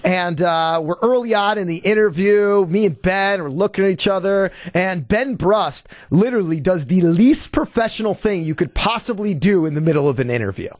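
High-voiced energetic radio host. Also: male voice, moderate pace, few pauses, no echo, studio quality. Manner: energetic, teasing, sing-song delivery. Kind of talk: sports radio banter. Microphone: studio microphone.

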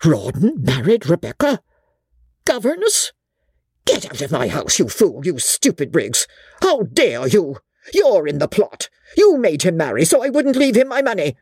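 A woman voicing a hysterical, imperious rich old spinster, in a shrill, shrieking, commanding voice. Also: wildly swooping pitch, a little slow, warm tone, breathy edge, no room sound, clean studio sound, heavily acted. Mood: furious.

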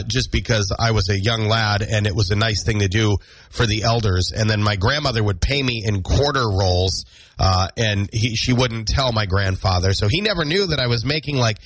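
A man's voice: mid-range voice, fairly bright tone, husky, poor audio. A man hosting a morning radio show, chatting playfully and joking between calls. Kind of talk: casual radio banter. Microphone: studio microphone.

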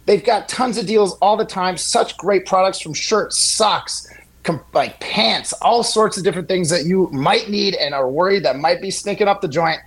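A man's voice: sits high, normal speed, a bit bright, breathy edge. A man co-hosting a sports radio show, joking and reading ads in a loose, chatty way. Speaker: co-host. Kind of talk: casual radio sports talk.

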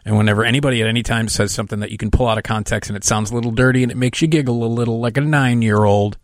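A man's voice: mid-range voice, fairly even intonation, rapid-fire, no room sound, studio quality. A man hosting a radio show, chatting casually and announcing upcoming segments. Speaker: radio host. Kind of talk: radio show host talk. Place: radio studio.

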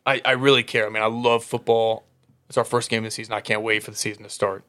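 A man telling animated football stories in casual chat, laughing often. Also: on the low side, fast.

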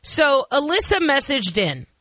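Chatty self-deprecating lady radio host, bright sharp voice, dry studio sound. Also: high voice, very animated, a little slow, no room sound. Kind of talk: casual radio chat.

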